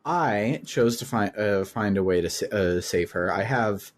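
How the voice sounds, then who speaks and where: A man's voice: lowish voice, measured pace. A man hosting a casual video game discussion, laughing often and hesitating with fillers. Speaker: podcast host. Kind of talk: casual game-club chat.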